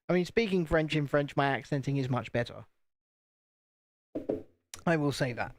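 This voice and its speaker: A man's voice: a little high, moderate pace, long pauses, no room sound. A British man hosting a casual live stream from home, chatting and joking at his own expense while building. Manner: chatty, joking, self-deprecating. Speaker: channel host.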